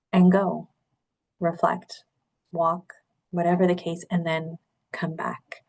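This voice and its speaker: A middle-aged woman speaks in a low, gravelly register while she presents a webinar. Her voice has a husky edge, and she talks in an earnest, candid way. She sounds like she is on a video call. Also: darkish tone. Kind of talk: webinar talk.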